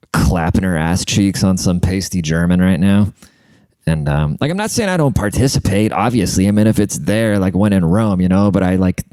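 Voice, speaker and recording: A man's voice: low-pitched, a little mellow, no echo, clean studio sound. A man hosting his own podcast, telling crude comedic stories in a rambling, casual way full of "like" fillers. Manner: rambling and crude, heavy use of "like".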